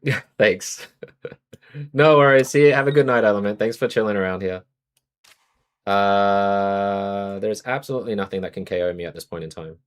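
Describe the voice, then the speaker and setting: Casting note: young Australian man, lowish voice, casual streamer patter between plays. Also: normal speed, clear, resonant tone. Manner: chatty, greets chat viewers, thinks aloud about moves. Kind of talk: casual live-stream commentary while playing a card game.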